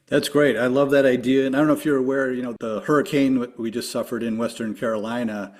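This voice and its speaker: Man, podcast host, upbeat questioning manner, mid pitch. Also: fairly even intonation, fast talker. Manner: upbeat, asks questions, laughs along. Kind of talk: casual interview.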